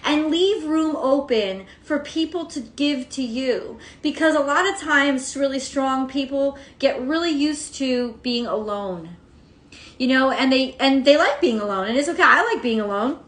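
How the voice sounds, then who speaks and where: A woman's voice: sits high, unhurried, a bit bright. A woman giving a casual daily tarot reading. She rambles, swears freely and laughs often. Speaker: tarot reader. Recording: roomy echo.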